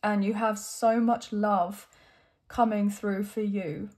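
A woman's voice: medium pitch, level tone, slow pace, a little mellow. A young adult woman giving an encouraging, emotional tarot reading to her viewers, at times choked up. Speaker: tarot reader.

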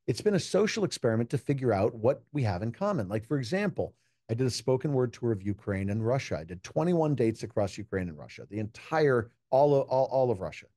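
Here a man from the United States, a juggler who gives keynotes, sits in as a podcast guest for a casual interview. His tone is dark, his pitch medium with wide swings, and he talks a little quickly, telling earnest, reflective stories full of quoted dialogue. The sound is clean studio audio with no room sound.

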